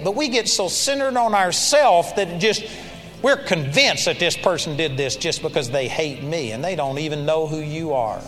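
Man, sermon, earnest exhorting storyteller, somewhat high pitch, reverberant hall. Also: expressive, moderate pace, a bit bright. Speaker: preacher.

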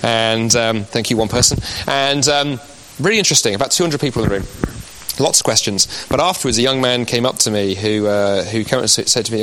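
A man's voice: mid-range voice, fairly quick, a bit bright, a little hiss or hum, low-quality recording. English man giving a persuasive talk. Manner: conversational, persuasive, frequent "you know" asides. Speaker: Christian apologist speaker. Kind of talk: live talk to an audience.

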